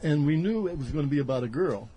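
An older man, a musician guest, telling a story in a chatty, halting way with ums. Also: on the high side, expressive, dark tone. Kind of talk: casual storytelling.

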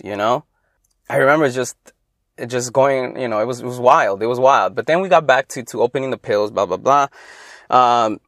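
A young adult man from Los Angeles, hosting his own podcast and telling childhood stories in a loose, rambling way that gets animated when he quotes people. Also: medium pitch, no room sound, clean studio sound. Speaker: podcast host. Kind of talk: casual solo storytelling.

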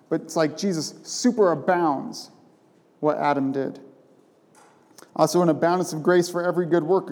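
A male pastor preaching an emphatic, conversational sermon in a slightly high, mellow voice. He keeps checking in with the room through quick rhetorical questions. Long reverb from the church sanctuary trails behind each phrase.

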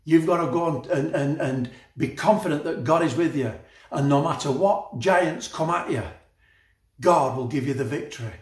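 A man's voice: on the high side, normal speed, echoey room. A man preaching a sermon with passion, laughing often and repeating phrases.

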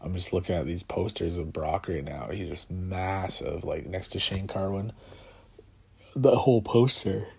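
Tired, rambling man with a low voice. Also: a little slow, vocal fry, a little mellow, husky. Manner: rambling, filler-heavy, laughs to himself. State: tired, yawning. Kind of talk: casual solo talk about combat sports.

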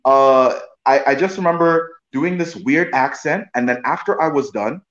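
A man's voice: mid-range voice, normal speed, fairly bright tone. A man, an actor guest, telling a casual story with many restarts and repeated "you know what I mean.". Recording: roomy, dull lo-fi sound.

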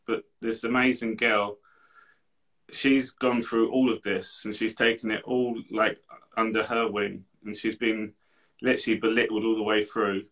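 A man co-hosts a podcast, his low voice sharp and bright. He talks earnestly and casually, leaning often on filler words. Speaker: podcast co-host.

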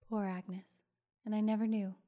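A woman's voice: medium pitch, level tone, a little slow, lo-fi sound, natural voice. A woman reading as a tender older uncle. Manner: earnest, tender. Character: kind, emotional older man, long-lost uncle.

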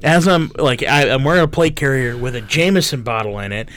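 A man in his twenties co-hosting a podcast, telling a story in a casual, animated, profane way. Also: mid-range voice, brisk. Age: 20s. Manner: animated, profane, mimics people in stories. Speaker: podcast co-host.

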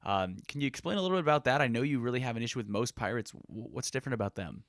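Male podcast host, easygoing with fillers, bright tone, dry close mic. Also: mid-range voice, lively intonation, very fast, no room sound. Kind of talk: casual chat.

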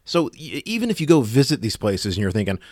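A man's voice: medium pitch, sing-song, fast talker, a little mellow, no echo, clean studio sound. A man delivering a sarcastic, exasperated rant in a monologue. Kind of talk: ranting monologue.

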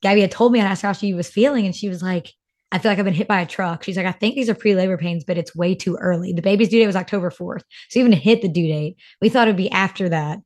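A woman's voice: mid-range voice, quick pace, darkish tone. Chatty young woman. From North Carolina. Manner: chatty, emotional storyteller, many "like" fillers. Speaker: podcast co-host. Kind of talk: casual chat.

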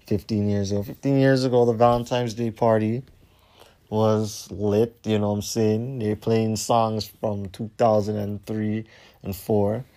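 A man telling a rambling story as a podcast host, heated and profane, repeating himself and trailing off low at the ends of lines. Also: a little mellow.

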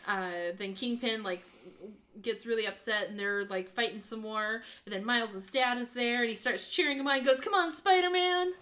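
A woman's voice: medium pitch, normal speed. A woman co-hosting a casual podcast, walking through a movie's plot. She acts out characters' lines as she goes and laughs often. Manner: animated retelling, acting out lines, frequent laughs. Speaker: podcast co-host. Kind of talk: casual movie recap chat.

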